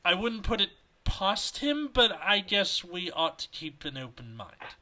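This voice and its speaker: A man's voice: high voice, very animated, a little slow, pushed and bright, voice pushed up, full character voice. A man reading out a story, voicing a wry, bitter grown man who teases a missing friend.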